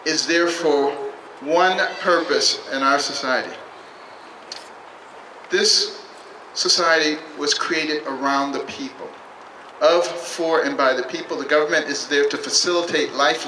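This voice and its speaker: Measured male speaker at a rally. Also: a little high, sharp tone. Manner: measured, emphatic, speaks in short phrases. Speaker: political candidate. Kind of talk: campaign speech. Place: public rally at a state capitol. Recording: echoey, distant mic, noisy.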